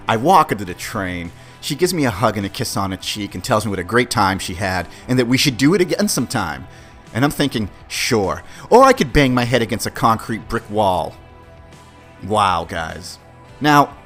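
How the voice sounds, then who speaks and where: A male podcast host tells a story about himself in a loose, profane way and keeps calling his listeners "guys." His pitch leaps around as he moves from shouted disbelief to quiet grumbling. Soft music plays faintly in the background. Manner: swings from shouted disbelief to low mutters. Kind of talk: casual storytelling monologue.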